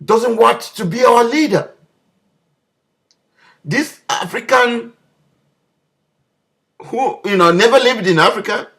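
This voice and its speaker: A man's voice: very high voice, animated, slow, pauses often, fairly bright tone. A man delivering an impassioned political video message, leaning on repeated rhetorical questions. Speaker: political commentator.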